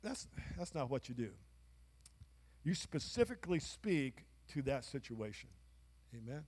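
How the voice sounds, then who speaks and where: A man's voice: medium pitch, very animated, measured pace, darkish tone, breathy edge. A man pastor preaching a sermon in a church, emphatic, with call-and-response to the congregation. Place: church sanctuary. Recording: long church hall reverb.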